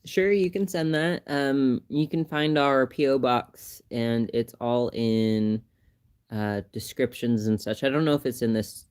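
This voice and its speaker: A man chatting on his own livestream in a medium-pitched voice, relaxed and rambling. He laughs often and gets lively and animated when he retells a funny moment. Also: a little slow, smooth. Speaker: livestream host. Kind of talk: casual livestream chat.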